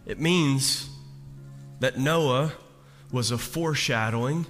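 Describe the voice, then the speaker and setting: A man in his thirties preaching a sermon as pastor, slow and emphatic, building to loud peaks. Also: medium pitch. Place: church sanctuary. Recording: long reverb of a large hall. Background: soft instrumental music.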